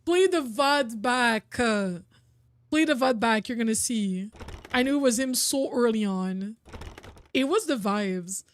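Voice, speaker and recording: A woman's voice: fairly high pitch, unhurried. A young woman streaming a video game, chatting casually and rambling with frequent laughs. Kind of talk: casual gameplay commentary.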